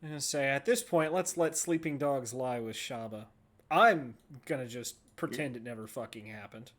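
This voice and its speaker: A man's voice: mid-range voice, moderate pace, fairly bright tone. A man playing in a tabletop game, wry and given to laughing asides. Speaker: player. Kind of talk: casual chat.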